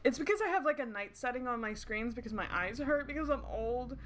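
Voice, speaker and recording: A woman with a slightly high voice chats her way through a game at her desk, rambling from thought to thought. She laughs easily and swears freely, with an off-the-cuff, unpolished manner. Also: lively intonation, brisk, a bit bright, slight background noise. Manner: rambling, giggly and profane. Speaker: streamer playing a romance game. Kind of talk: casual let's-play chat. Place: indoors at her screens under dim night lighting.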